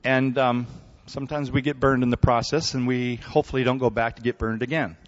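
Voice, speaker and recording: A man preaching a sermon in a relaxed, conversational way, telling stories and often checking in with his listeners. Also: mid-range voice, fairly quick. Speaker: pastor. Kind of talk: sermon with storytelling. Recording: dull recording in a hall with long reverb.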